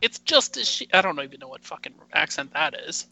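A man's voice: a little high, sing-song, a little fast, vocal fry, bright, forceful tone, poor audio. A man on a casual podcast, ranting brashly and swearing freely. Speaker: podcast co-host. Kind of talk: casual chat.

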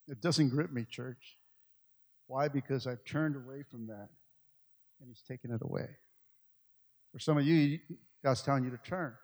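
A man preaching a sermon as pastor, swinging from loud, urgent appeals to quiet, low passages. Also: big-room sound. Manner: preaching with rising, shouted appeals and quiet stretches.

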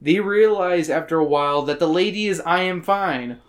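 Crude, irreverent jokes fill this podcast host's relaxed book club conversation as chapter summaries are read aloud. The delivery moves at normal speed, with a voice pitched in the middle range.

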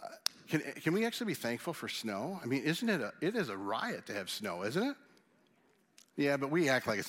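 A male pastor, giving a conversational, animated sermon and then leading a prayer. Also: medium pitch, brisk. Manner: animated, conversational preaching with acted asides.

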